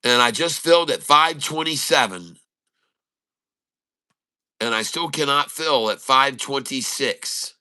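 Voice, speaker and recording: A man giving excited running commentary on his live day trades, calling out prices and talking to viewers as folks. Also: medium pitch, takes it slowly, long pauses, clear, resonant tone. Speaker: day-trading streamer.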